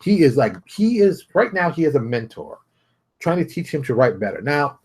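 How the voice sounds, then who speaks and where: A man's voice: a little high, big pitch swings, moderate pace, a little mellow, husky. A man hosting his own show, ranting bluntly and repeating himself as he mocks others. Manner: brash, repetitive, mocking put-on voices. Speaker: show host. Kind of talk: blunt motivational rant.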